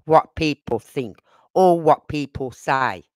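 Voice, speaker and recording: A woman's voice: deep voice, animated, slow pace, a little mellow, no echo. An older woman with a Birmingham accent, hosting a casual livestream and talking bluntly and at length to her chat. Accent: Birmingham (Brummie). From Birmingham, England. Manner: blunt, outspoken, rambling. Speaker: livestream host.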